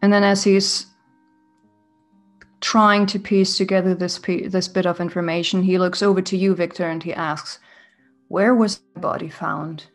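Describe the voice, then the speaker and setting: Woman GM, slow and atmospheric, lowish voice, faint music underneath. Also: little pitch movement. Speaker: game master. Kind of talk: narrating a tabletop game.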